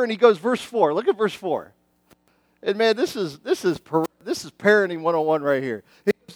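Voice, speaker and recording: High-voiced middle-aged man preaching. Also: normal speed, no room sound. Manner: animated, conversational preaching with many restarts. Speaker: pastor. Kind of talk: sermon.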